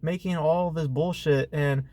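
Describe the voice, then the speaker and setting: A man's voice: on the high side, fairly even intonation, a little slow, dark tone, dry recording. A man giving a casual, ranting movie review, profane and exasperated, full of fillers and rhetorical asides. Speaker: film reviewer.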